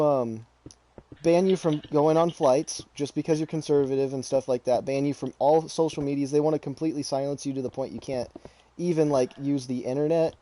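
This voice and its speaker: A man's voice: a little high, warm tone. A man chatting casually with a friend, rambling and restarting his sentences often. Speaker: channel host. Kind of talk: casual chat while gaming.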